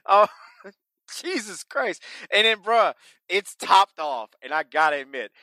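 A man hosting a casual podcast, talking excitably, swearing and laughing often. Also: high-pitched, unhurried, no echo. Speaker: podcast host.

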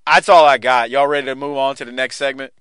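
A man's voice: medium pitch, fairly even intonation, quick pace, a bit bright, clear, resonant tone, no room sound. A man hosting a podcast, chatting casually and with enthusiasm, laughing often. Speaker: podcast host. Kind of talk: casual chat.

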